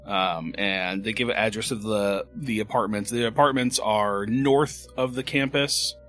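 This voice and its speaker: Game master, male, lowish and bright, loose rambling delivery. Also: measured pace, soft background music. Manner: relaxed, rambling, many fillers. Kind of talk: narrating a tabletop horror game.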